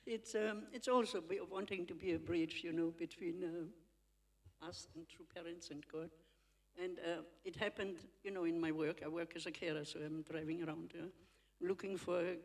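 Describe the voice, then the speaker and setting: A woman from the congregation sharing a personal testimony at a church service. She speaks in a chatty, storytelling way, laughs often and acts out the dialogue. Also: lowish voice. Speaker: congregation member giving testimony.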